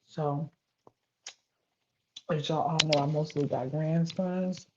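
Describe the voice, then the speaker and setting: Older woman, live-stream host, deep and unhurried, salty casual chat with viewers. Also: fairly even intonation, lo-fi sound, noisy background. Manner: profane, chatty, greets viewers by name; hushed at times to keep a grandchild asleep. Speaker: livestream host.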